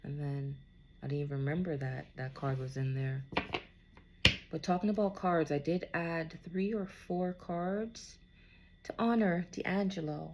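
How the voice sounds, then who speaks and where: A woman's voice: sits low, measured pace, muffled recording, background noise. A woman giving a casual spiritual card reading to an unseen listener, reassuring and often checking in with "okay?". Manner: reassuring, talks to an unseen "somebody", keeps asking "okay?".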